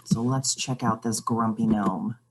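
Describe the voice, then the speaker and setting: A woman's voice: rumbling low, steady tone, measured pace, darkish tone, slightly rough. A woman reading a children's picture book aloud, expressively questioning the characters. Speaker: read-aloud storyteller.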